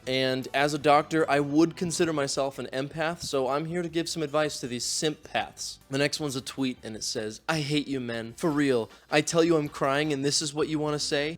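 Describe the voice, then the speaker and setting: A man's voice: a little high, natural voice. A man playing a goofy self-styled doctor-professor who sarcastically gives advice on cringe social media posts, with faint music behind. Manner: sarcastic, mock-professional, reads posts aloud. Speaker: comedy YouTuber playing a mock doctor host.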